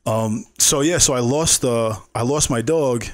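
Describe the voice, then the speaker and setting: A man's voice: mid-range voice, unhurried, dry recording, studio quality. Loose, profane New York man telling stories. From New York City. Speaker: chef and podcast guest. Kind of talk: casual storytelling chat.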